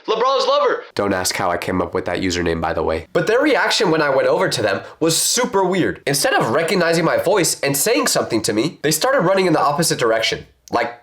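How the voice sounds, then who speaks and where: A man narrates a storytime video in a slightly high, very expressive voice. He pauses for effect and pokes fun at himself, and the recording has a roomy echo. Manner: expressive, self-mocking, dramatic pauses.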